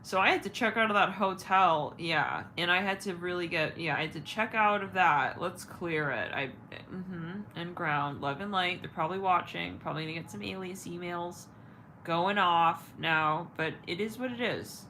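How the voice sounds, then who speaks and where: A woman's voice: lowish voice, normal speed, bright, forceful tone, a little hiss or hum, poor audio. A woman tarot reader and channel host chatting casually to her viewers, rambling, swearing, and searching for her words with many fillers. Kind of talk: casual livestream chat.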